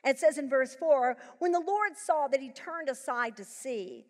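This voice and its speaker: Female Bible teacher, high register, sermon delivery that drops to a hush and then builds loud, live arena reverb. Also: lively intonation, normal speed. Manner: emphatic preaching, swinging from hushed to loud. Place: large live event venue.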